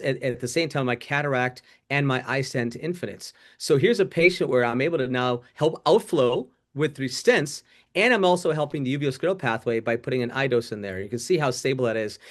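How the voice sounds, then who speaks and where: Brief: middle-aged male surgeon, rapid animated delivery, self-correcting. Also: mid-range voice. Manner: fast, animated, quick restarts. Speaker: glaucoma surgeon panelist. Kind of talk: webinar talk.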